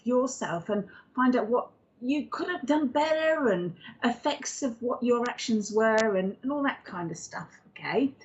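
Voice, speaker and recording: A woman's voice: on the high side, a little mellow. A woman co-hosting a live psychic medium show, chatting and giving readings, calling viewers darling and lovey. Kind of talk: live spiritual reading and chat. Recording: dull lo-fi livestream audio.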